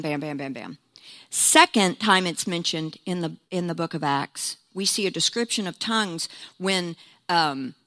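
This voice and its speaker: A woman preaching, her voice bright and forward. She is animated and laughs often, and she acts out quotes as she tells stories from the pulpit. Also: mid-range voice. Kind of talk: sermon.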